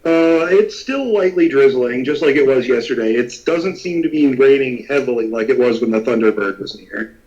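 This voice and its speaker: A man's voice: medium pitch, animated, moderate pace, a little mellow. A man narrating a tabletop game as game master, rambling with many restarts, on muffled lo-fi audio.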